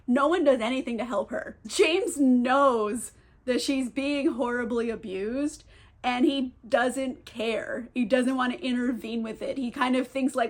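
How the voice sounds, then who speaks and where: A young woman with a high-pitched voice recaps a novel at an unhurried pace as a book reviewer. She's candid and sarcastic, chatty and heavy on fillers, with casual swearing throughout.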